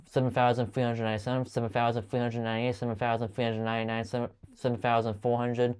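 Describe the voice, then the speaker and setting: Man rattling off numbers fast, flat delivery. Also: mid-range voice, clear, resonant tone. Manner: rapid steady counting with frequent stumbles and restarts. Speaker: channel host counting aloud. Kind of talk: long monotone counting video.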